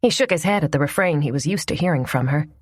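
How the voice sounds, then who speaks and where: A woman narrating a romance audiobook in a soft, even storytelling voice. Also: low voice, quick pace, husky, dry recording, studio quality.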